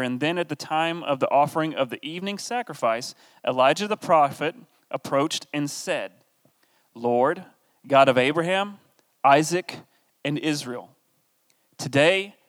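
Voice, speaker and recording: A man teaches from scripture in a relaxed, conversational way, reading verses aloud and then pausing for wry, deadpan asides. His voice sits a little on the high side for a man. Long reverb from the hall trails after each phrase. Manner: reads the passage aloud, then breaks off with wry, joking asides. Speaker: Bible study teacher.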